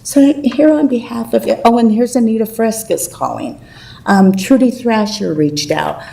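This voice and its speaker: A woman's voice: fairly high pitch, lively intonation, normal speed, gravelly, mellow, far from the mic, slight background noise, low-quality recording. A woman giving a rambling, emotional public comment at a city council meeting.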